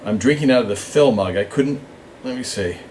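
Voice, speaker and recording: A man hosts a casual live stream from a small studio, answering fan questions off the top of his head. He speaks at an ordinary middle pitch, chatty and unhurried, dropping fillers as he thinks aloud and greeting viewers by name. A faint hum sits behind his voice. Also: a little mellow. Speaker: show writer hosting a live fan Q&A stream. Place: small studio with a blue backdrop, in Hollywood.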